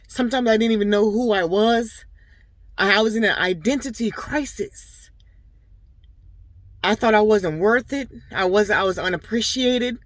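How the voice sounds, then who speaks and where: A woman's voice: mid-range voice, normal speed, no room sound. A young woman vlogging in a casual, rambling way, speaking directly to her viewers. Her voice sits in a middle range. The sound is dry and close. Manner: rambling, earnest storytelling with many fillers; talks straight to her viewers. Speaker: vlogger and boutique owner. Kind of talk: casual personal vlog talk.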